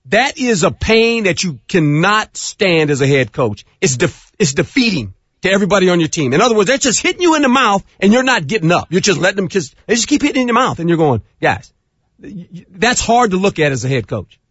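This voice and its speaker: A middle-aged man talking football as a guest on sports radio, acting out scenes in a rising, animated voice. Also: high voice, brisk, slightly rough, dry recording. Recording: dull lo-fi radio audio.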